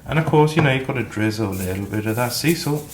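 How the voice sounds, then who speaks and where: A man's voice: medium pitch, lively intonation, quick pace, background noise. A man chatting casually and swearing freely while cooking in his kitchen, talking through his day as a musician. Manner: chatty, sweary, self-deprecating. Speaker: musician vlogger. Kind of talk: casual rambling vlog. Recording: echoey kitchen with faint clatter.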